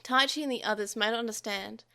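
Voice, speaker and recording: A woman's voice: a little high, quick pace, bright, forceful tone. A woman podcast host reading a translated novel aloud, expressively, with small slips.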